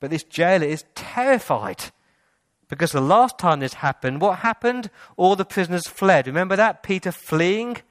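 A man's voice: sits high, animated, moderate pace, dry recording, clean studio sound. A man preaching a sermon in a church, asking rhetorical questions and building to emphatic passages. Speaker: pastor. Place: church hall.

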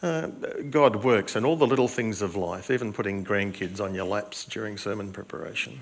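An older man preaches to his church in a church hall, chatting, mocking himself and quizzing the kids. He speaks at normal speed with a fairly low pitch, vocal fry and hardly any pauses.

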